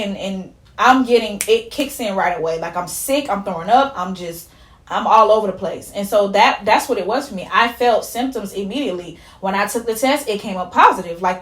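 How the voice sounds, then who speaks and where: A woman's voice: medium pitch, a bit bright. A young woman vlogger tearfully telling a personal story in a candid, conversational way, her voice dropping as she fights back tears. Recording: echoey room.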